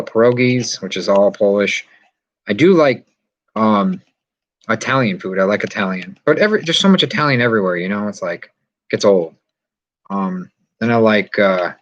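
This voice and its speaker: A man's voice: on the low side, lively intonation, normal speed, long pauses, lo-fi sound. A man hosting a casual live stream from inside a yurt, rambling and chatting as he answers viewer comments. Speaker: vlog host.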